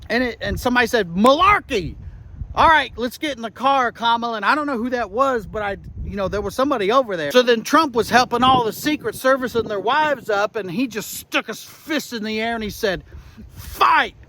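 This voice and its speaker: A man giving a rambling, deadpan comic monologue as a rally eyewitness, outdoors with traffic passing. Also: very high voice, fast talker, hardly any pauses, poor audio. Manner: rambling, deadpan, breaks into shouted slogans and gun-sound noises. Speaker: comedian playing a rally eyewitness. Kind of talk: deadpan satirical character monologue.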